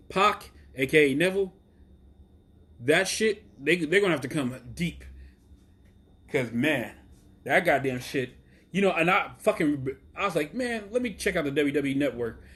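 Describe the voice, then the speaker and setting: A man's voice: on the high side, husky. Profane, rambling man ranting about wrestling. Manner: profane, rambling, excitable with many fillers. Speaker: wrestling podcast host. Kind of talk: solo casual rant.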